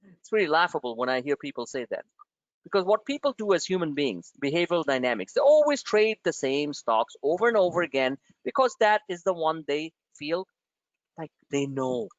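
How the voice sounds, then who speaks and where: A man's voice: fairly high pitch, sing-song, fairly quick, no room sound, highs cut off. A man hosting a trading webinar, blunt and emphatic, firing off rhetorical questions at his listeners.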